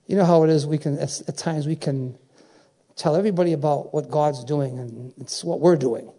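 Older male preacher, high mellow voice. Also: moderate pace. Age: 70s. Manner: emphatic, repeats phrases and calls out to the congregation. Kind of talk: sermon.

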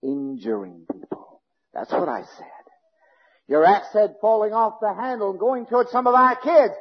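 A male pastor preaching a fiery sermon, swinging between shouting and low, intense speech, in a church sanctuary. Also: lively intonation, normal speed, slightly rough. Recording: dull lo-fi recording with long hall reverb.

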